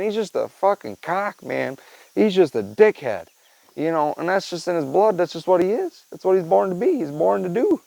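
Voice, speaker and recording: Man, podcast host, casual rambling chat, profane, gravelly voice, dry close sound. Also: sits high, a little mellow, dry recording, rough recording. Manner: rambling, profane, laid-back, tacks on "man" and "dude".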